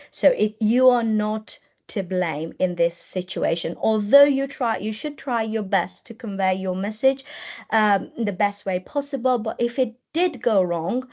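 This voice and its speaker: A woman's voice: mid-range voice, a little mellow. Woman giving a webinar talk. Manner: explanatory, repeats and rephrases while talking. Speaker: webinar presenter. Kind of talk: webinar lecture. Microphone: computer mic on a video call.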